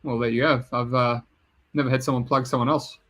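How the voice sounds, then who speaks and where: A man hosting a podcast in a casual chat, easygoing, pausing on fillers and laughing along with his guest. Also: medium pitch, level tone, a bit bright. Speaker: podcast host.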